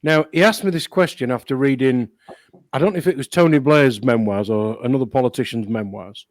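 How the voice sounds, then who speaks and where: A man's voice: mid-range voice, brisk, dry recording. A man co-hosting a casual political chat, blunt and swearing freely. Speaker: co-host.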